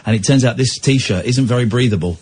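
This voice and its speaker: A man's voice: medium pitch, brisk, a little mellow, a little hiss or hum. A man hosting a comic radio phone-in, playful and teasing with callers. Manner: playful, teasing, jumps into mock voices.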